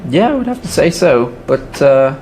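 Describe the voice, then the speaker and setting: Deadpan man in a mock interview. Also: a little high, moderate pace, slight background noise.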